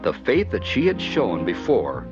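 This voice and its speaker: A man giving scripted narration of a children's Bible story, expressive and animated. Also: fairly low pitch, a little slow. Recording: dull lo-fi with music behind.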